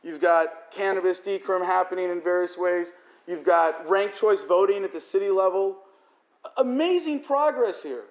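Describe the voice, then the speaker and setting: A man's voice: sits high, normal speed, muffled recording. Impassioned man ranting in an echoey hall. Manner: emotional, profane, ranting. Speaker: political speaker. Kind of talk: impassioned political speech.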